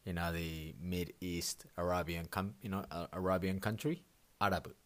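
A man with a Japanese accent, a native Japanese speaker, hosting a podcast language lesson as a Japanese teacher, slowly drilling words one by one with frequent fillers. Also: deep voice, fairly even intonation.

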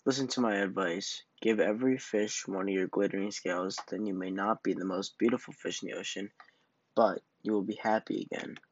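A man voicing a wise old male octopus from a storybook, deep and calm, giving measured advice. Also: dry recording, dull audio, lightly acted.

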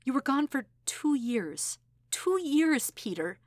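A woman voicing a protective middle-aged aunt, sharp and scolding at times, tender at others, in an audiobook reading. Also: mid-range voice, animated, normal speed, no room sound, lightly acted.

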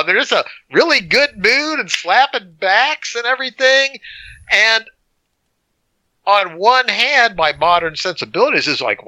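A man co-hosting a casual movie review podcast, telling a scene as an animated storyteller who acts out the moments. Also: sits high, unhurried, no echo, low-quality recording. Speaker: podcast co-host.

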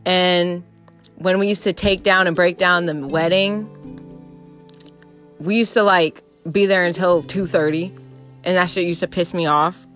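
A woman's voice: lowish voice, steady tone, a little slow, pauses often, a bit bright, faint music behind. A woman in her twenties from the Southern United States, telling candid stories straight to camera in a blunt, profane, casual way. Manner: acts out quoted customers and coworkers. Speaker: vlogger. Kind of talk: casual storytime monologue.

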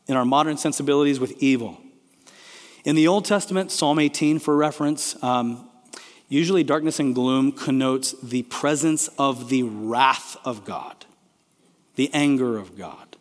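A man preaching a sermon, swinging between loud emphatic declarations and hushed, quiet passages. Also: on the high side, moderate pace. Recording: long hall reverb.

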